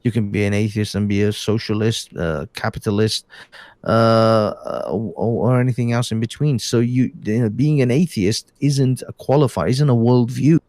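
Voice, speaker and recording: A man's voice: on the low side, moderate pace, mellow, no echo. A tired man talking in a casual late-night chat, rambling with many hesitant restarts. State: tired, yawning. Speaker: podcast guest.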